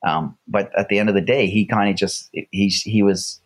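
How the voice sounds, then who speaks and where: A man's voice: on the low side, steady tone, moderate pace. A middle-aged man, a guest telling reflective stories in a conversational way. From Canada. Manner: reflective, uses vivid stage imagery. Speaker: guest, Olympic champion. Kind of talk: conversational storytelling.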